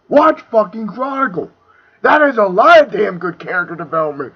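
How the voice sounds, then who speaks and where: High-voiced man on an angry rant. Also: sing-song, fairly quick, breathy edge. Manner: profane, ranting, swings between shouting and muttering. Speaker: video reviewer. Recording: dull lo-fi home recording.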